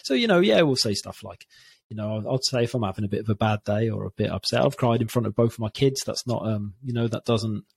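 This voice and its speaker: A man's voice: on the low side, fairly even intonation, gravelly, slightly rough, no echo. A man, talking openly and reflectively as an interview guest, often restarting his sentences. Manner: open, reflective, halting with many restarts. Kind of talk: candid interview talk.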